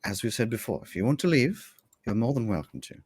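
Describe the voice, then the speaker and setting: A man's voice: mid-range voice, very animated, quick pace, darkish tone, slightly rough. A man voicing a blunt, protective half-orc warrior in a put-on Welsh accent, speaking steadily. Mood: firm. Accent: Welsh-sounding, put on.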